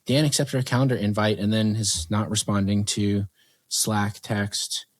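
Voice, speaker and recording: A man's voice: on the low side, steady tone, moderate pace. A man hosting a podcast in casual chat, rambling with lots of fillers and joking asides. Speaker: podcast host.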